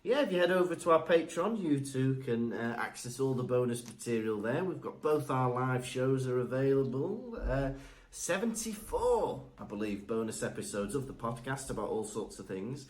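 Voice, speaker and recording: Reading the show's outro after some cheerful, casual banter and a few teasing suggestions, a man co-hosting a podcast speaks at a moderate pace. His medium-pitched voice has a sing-song lilt.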